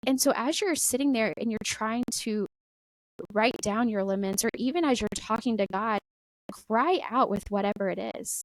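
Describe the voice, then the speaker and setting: A middle-aged woman talking casually about faith as a podcast guest, animated and full of "like" and "right?". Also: a little high, normal speed, dry recording, poor audio.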